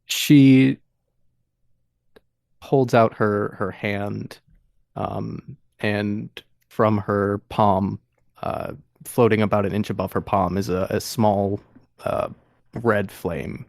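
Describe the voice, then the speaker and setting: A man's voice: fairly low pitch, fairly even intonation, takes it slowly, vocal fry, darkish tone, no echo, clean studio sound. A man playing in a tabletop role-playing game, speaking in a hesitant, laid-back way. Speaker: player.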